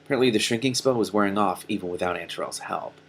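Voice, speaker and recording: Man reading a novel aloud with animated asides. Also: lowish voice, quick pace, creaky, slight background noise. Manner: animated asides, laughs at the text. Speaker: reader.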